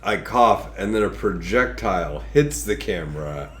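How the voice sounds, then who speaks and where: A man with a very low voice, stuffed up and congested from a cold. He hosts a podcast in a loose, crude, joking way and rambles from one thought to the next. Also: expressive, moderate pace, fairly bright tone. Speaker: podcast host. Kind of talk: casual podcast chat.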